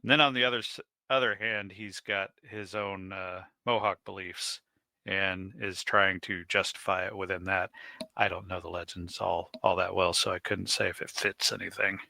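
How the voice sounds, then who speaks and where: A man playing a tabletop game, speaking thoughtfully and measured. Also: sits low, fairly even intonation, gravelly, sharp tone, no room sound. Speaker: player.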